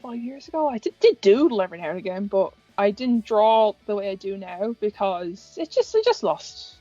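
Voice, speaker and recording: A woman's voice: mid-range voice, sing-song, normal speed, warm tone, no echo. A young Irish woman chatting casually and rambling, swearing now and then. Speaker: fan video maker. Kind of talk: casual chat. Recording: muffled lo-fi recording with music.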